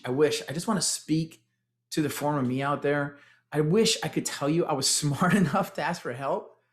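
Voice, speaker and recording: A man in his forties with a Texan accent, telling his fitness story with energy to an audience he keeps calling "guys". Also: a little high. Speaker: former tech executive sharing his testimonial. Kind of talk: motivational testimonial talk.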